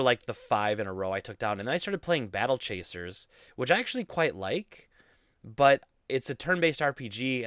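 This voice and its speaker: A man's voice: mid-range voice, fairly bright tone, clear, resonant tone, no room sound, clean studio sound. Goofy rambling man hosting a podcast. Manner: rambling, goofy, self-deprecating. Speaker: podcast host. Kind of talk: casual solo podcast rambling. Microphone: studio mic.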